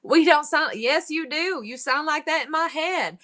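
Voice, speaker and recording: A middle-aged woman from upstate New York, chatting quickly and warmly with viewers while running a live online jewelry sale. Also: sits high. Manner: fast-talking, chatty. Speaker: online auction seller. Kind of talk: live-stream selling chat.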